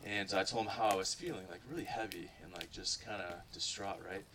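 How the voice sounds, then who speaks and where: Rambling man, bright and off-mic. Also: low voice, brisk, far from the mic, a little hiss or hum, rough recording. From Ohio, USA. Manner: rambling, many fillers and "like". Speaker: churchgoer giving a testimony. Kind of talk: casual spoken testimony to a group.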